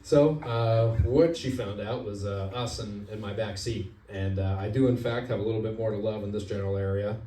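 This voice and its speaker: A young man works a club stage with a stand-up story, his voice low and mellow. He pauses often with "uh" and keeps a deadpan tone. The sound comes from a distance in a roomy club, with faint ambience behind. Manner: deadpan, halting delivery with many "uh" pauses. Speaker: stand-up comic. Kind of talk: open-mic stand-up storytelling.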